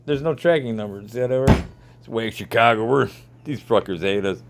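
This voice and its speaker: A man's voice: mid-range voice, fairly quick, slight background noise. A man vlogging at home, ranting sarcastically and swearing as he checks jars in his storage. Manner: keeps repeating "see how that works".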